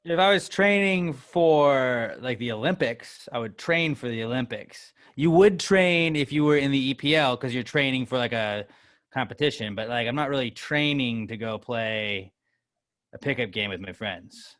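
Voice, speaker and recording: A man's voice: mid-range voice, normal speed, dry recording, studio quality. Rambling American man on a sports podcast. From United States. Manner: rambling, animated, self-mocking, swears. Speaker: podcast co-host. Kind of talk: casual chat.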